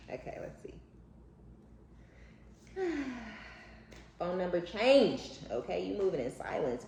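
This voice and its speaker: Low-voiced, profane woman tarot reader. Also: big pitch swings, slow, creaky, pauses often, warm tone. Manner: blunt, profane, and playful, with frequent laughs. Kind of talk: casual collective tarot reading. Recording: echoey room with faint background noise.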